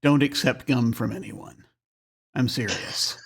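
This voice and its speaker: A man putting on a gruff crewman in a tabletop game, speaking low and hurried with deadpan seriousness. The voice has a gravelly edge. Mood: earnest warning.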